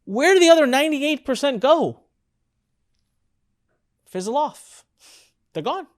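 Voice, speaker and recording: A middle-aged online course instructor, excitable and emphatic, who repeats key lines and throws in chatty asides during a live webinar. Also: sits high, a little slow.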